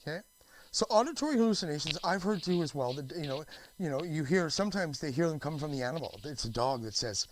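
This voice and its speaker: Rambling, cursing man with a higher voice. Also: lively intonation, fast, dry recording, low-quality recording. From Canada. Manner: meandering, swearing, many restarts and fillers. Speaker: vlogger. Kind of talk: rambling monologue.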